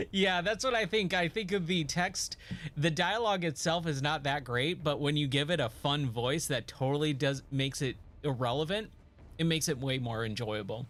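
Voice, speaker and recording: A man's voice: on the high side, normal speed, fairly bright tone. A man streaming a video game, chatting and joking to himself and his viewers as he plays. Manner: chatty, joking, talks to himself while playing. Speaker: gaming streamer. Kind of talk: casual let's-play commentary.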